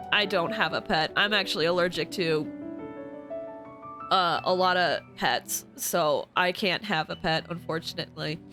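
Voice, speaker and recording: A woman's voice: mid-range voice, pushed and bright. A young woman streaming a game, talking to herself and her chat while fighting back tears. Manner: emotional, teary, self-talking. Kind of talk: casual live game commentary.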